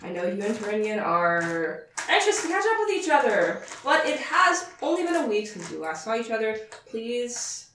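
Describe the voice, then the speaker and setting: A woman's voice: a little high, very animated, moderate pace, fairly bright tone, a little hiss or hum. A woman voicing a harried male town mayor who speaks in a fussy, formal way and represses his sighs. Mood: exasperated. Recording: roomy distant mic.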